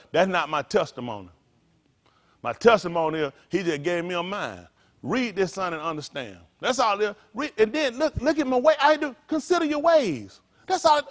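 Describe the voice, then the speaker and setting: A man preaching a casual, conversational sermon as pastor, colloquial and full of rhetorical questions. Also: sits high.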